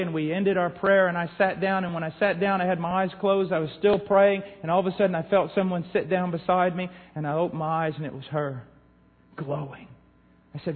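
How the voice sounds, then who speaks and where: A man preaching a sermon and telling stories, impassioned, moving between hushed and loud passages. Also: high-pitched. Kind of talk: sermon storytelling. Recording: tinny, echoey hall recording.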